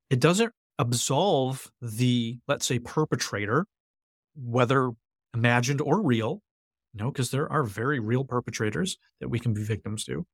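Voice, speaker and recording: A man's voice: mid-range voice, measured pace, husky, no room sound, studio quality. A man as a podcast guest, explaining his ideas earnestly in conversation and repeating key phrases for emphasis. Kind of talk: conversational interview.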